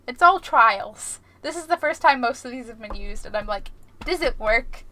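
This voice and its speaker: A woman streaming a game, chatting casually with her viewers and tossing out puns as she plays. Her voice is high and bright, with an easy, playful manner. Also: expressive, normal speed. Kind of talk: casual live-stream chat while gaming.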